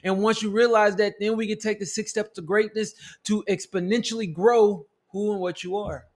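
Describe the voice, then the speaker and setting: A motivational teacher gives his viewers a preachy, repetitive self-help talk, often calling them "family" and building to loud climaxes. His voice is high-pitched, with fairly even intonation and a moderate pace.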